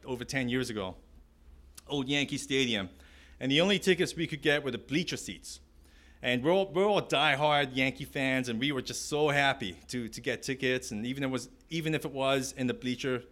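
A man's voice: on the high side, sharp tone. A man preaching a sermon, telling a personal story with many restarts and fillers and acting out other people's lines. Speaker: pastor.

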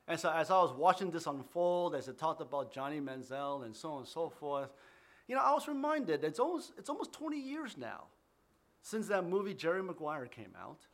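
A pastor preaches to his congregation and leads them in prayer. His voice sits fairly high for a man, and his delivery is fervent, with repeated words and restarted phrases as he builds his point. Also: very animated, fairly quick. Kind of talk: sermon with opening prayer. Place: church in New York City.

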